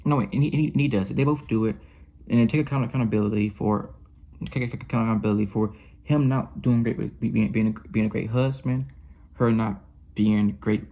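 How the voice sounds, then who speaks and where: Mellow, husky man rambling about films. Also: lowish voice, steady tone, a little fast. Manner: rambling and effusive, with many restarts and self-corrections. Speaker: film reviewer. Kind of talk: casual film review monologue.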